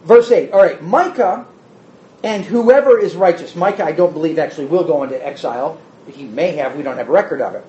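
A man's voice: a little high, animated, brisk, warm tone. A man teaching a Bible study class, asking the group rhetorical questions. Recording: roomy, slightly dull recording.

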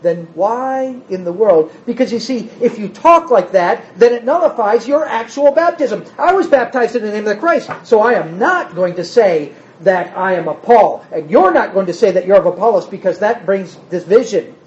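A man's voice: high-pitched, expressive, moderate pace, hardly any pauses. Guy preaching a sermon, asks questions then answers em, kinda muffled old recording. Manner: emphatic, asks rhetorical questions and answers them.

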